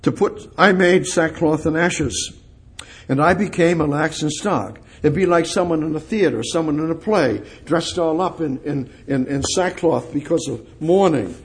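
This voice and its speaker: A man preaching a verse-by-verse sermon, reading scripture slowly and then breaking into urgent, rising exclamations. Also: fairly high pitch, breathy edge.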